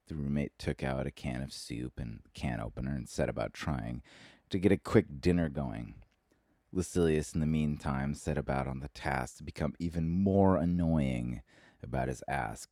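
A man hosting a podcast, reading a scripted story in a measured, steady way on a close mic. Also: extremely low pitch, dry recording. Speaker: podcast host.

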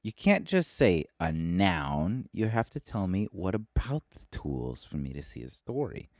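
A man's voice: deep voice, big pitch swings, measured pace, a little mellow, no room sound, studio quality, pitched above the performer's own voice, full character voice. A man voicing an eager writer who pesters his roommate for story ideas in an insistent, wheedling way. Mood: pestering.

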